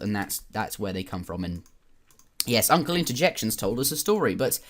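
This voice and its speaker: A man's voice: on the low side, very animated, a little fast. A British man giving casual, rambling commentary on a strategy game replay, with joking asides and some swearing. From Britain.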